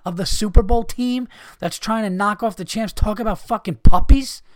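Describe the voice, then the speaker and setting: Guy ranting on his podcast, swearing a lot, kinda high voice, dry close sound. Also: moderate pace, no room sound. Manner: profane, exasperated ranting with mocking mimicry. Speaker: podcast host. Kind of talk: ranting monologue.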